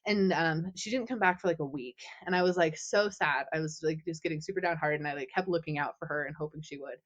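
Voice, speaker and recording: Woman podcast guest, low-ish voice, animated chatty storyteller, muffled lo-fi recording. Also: quick pace. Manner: animated, heavy use of "like". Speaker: guest author.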